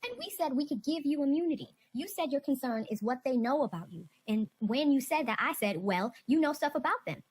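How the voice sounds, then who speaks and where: A woman prosecutor with a somewhat high voice, pressing a witness in a courtroom exchange. She talks firmly and insistently, circling back to the same points again and again. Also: expressive, fairly quick, hardly any pauses. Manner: firm, insistent, repeats points.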